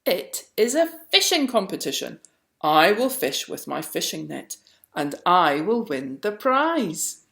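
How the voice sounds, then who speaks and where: A woman's voice: fairly low pitch, takes it slowly, creaky, heavily acted. Basil, a boastful fox, as a woman puts him on. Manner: boastful and excitable. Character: excitable boastful fox, quick to anger. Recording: roomy echo.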